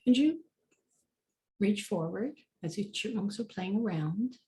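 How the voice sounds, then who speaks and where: A woman guides a meditation in a warm, mellow voice. She talks loosely and chattily and leans on fillers as she goes. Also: medium pitch, expressive, unhurried. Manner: casual, chatty, many fillers.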